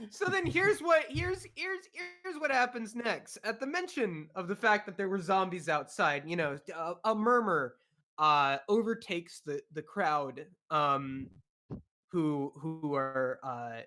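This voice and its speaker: A man runs a tabletop game, describing the scene in a bright, forward voice. He narrates haltingly, stopping often on fillers and restarting his phrases. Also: sits high, expressive. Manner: hesitant, many fillers and restarts. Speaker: dungeon master.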